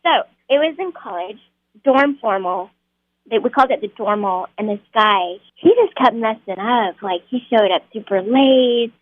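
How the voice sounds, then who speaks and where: A woman's voice: fairly high pitch, lively intonation, normal speed, no echo. A woman actor, a guest on an interview show, telling stories in a chatty way and laughing easily. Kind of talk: casual interview storytelling. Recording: tinny phone-like line.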